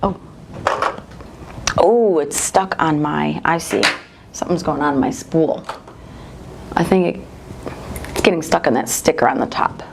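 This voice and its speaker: A woman's voice: low voice, unhurried, creaky, pauses often, noisy background. A woman hosting a live embroidery stream. She chats in an upbeat, casual way with her viewers while she works at a machine. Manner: chatty, upbeat, talks to viewers while working. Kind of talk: casual live demo chat.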